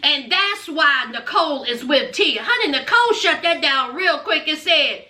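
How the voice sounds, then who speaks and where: A woman's voice: high-pitched, lively intonation, moderate pace, sharp tone, reverberant. A woman giving a sassy, chatty recap of a reality show, laughing often and calling her viewers honey and y'all.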